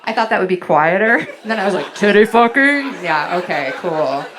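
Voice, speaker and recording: A woman's voice: on the low side, animated, a little fast, noisy background. A woman comedian doing a bawdy stand-up set on a club stage, storytelling with lots of "like" fillers. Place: comedy club stage before a laughing audience.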